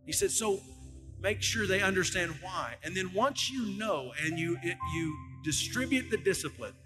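A man's voice: sits high, moderate pace. A middle-aged male lead pastor preaching a sermon, telling stories and acting out quotes with animation. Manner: animated storytelling, acts out quotes loudly. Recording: long hall reverb, faint music.

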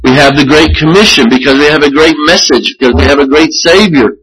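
A man preaching a sermon as pastor, earnest and measured, often restarting his phrases. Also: a little high, fairly bright tone, slight background noise, low-quality recording.

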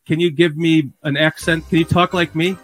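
A man's voice: a little high, steady tone, moderate pace, fairly bright tone, faint music behind. A man co-hosting a casual podcast, playful and laughing easily.

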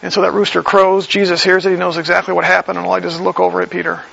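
A male preacher with a high, gravelly voice walks through scripture verse by verse in a conversational tone. His sermon sounds slightly dull on a lo-fi recording. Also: little pitch movement, racing, a bit bright. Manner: conversational, reads verses and explains them.

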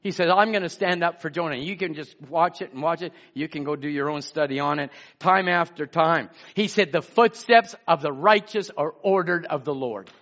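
Man, preacher, sermon, fervent, higher voice, muffled lo-fi sound. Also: normal speed, few pauses. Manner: preaching with swells from shouts to hushed asides.

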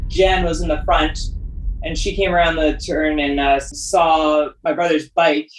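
A woman's voice: low voice, little pitch movement, a little slow, echoey room, recorded from a distance, a little hiss or hum, poor audio. A woman telling a story in casual interview talk, with plenty of fillers. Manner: chatty, with many fillers.

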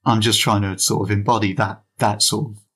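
A man's voice: on the low side, flat delivery, brisk, fairly bright tone, breathy edge. A British man talking casually as an interview guest, thoughtful and hesitant with frequent restarts. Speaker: comedy podcaster, guest.

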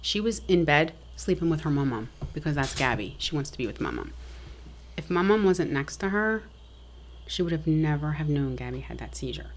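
A woman's voice: low voice, expressive, normal speed, a little hiss or hum. A middle-aged woman telling a family story frankly and matter-of-factly as a podcast guest. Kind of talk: casual interview talk.

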